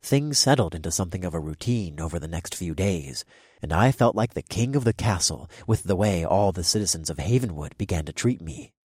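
A male narrator tells a first-person fantasy tale in a steady, measured voice. His voice is low and a little husky. The dry, close sound keeps him right at the listener's ear. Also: no echo. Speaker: audiobook narrator.

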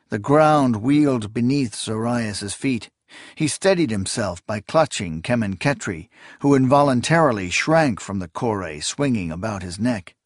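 A man reading a fantasy novel aloud in a measured, deliberate way. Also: mid-range voice, no echo, studio quality. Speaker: audiobook narrator. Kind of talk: scripted fantasy narration.

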